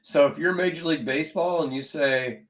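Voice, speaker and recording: A man co-hosting a casual sports podcast, talking in a calm, measured, conversational way. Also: fairly high pitch.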